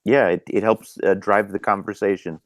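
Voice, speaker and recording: Low-voiced man hosting a live chat. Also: fairly even intonation, normal speed, no room sound. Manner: loose, filler-heavy talk with many ums and restarts. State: losing his voice. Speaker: host of a live video hangout. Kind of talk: casual live-stream chat. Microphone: video call microphone.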